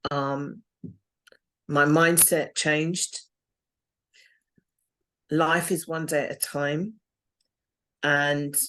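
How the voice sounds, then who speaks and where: A woman's voice: low voice, a bit bright. A woman guest telling her own story in an interview, earnest and reflective. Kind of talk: interview testimony.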